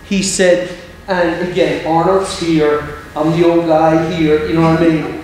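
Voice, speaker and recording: A middle-aged man, an evangelist, telling a story in a sermon with lively humorous asides, recorded in a church hall. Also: a little high, unhurried, a little hiss or hum. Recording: very echoey hall, faint ambience.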